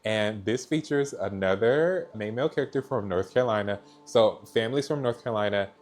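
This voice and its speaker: A man's voice: on the low side, fairly quick, darkish tone. A young man from Georgia in the US, chatting casually about books he read, gushing and often saying "so yeah". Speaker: book reviewer. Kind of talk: casual book review chat.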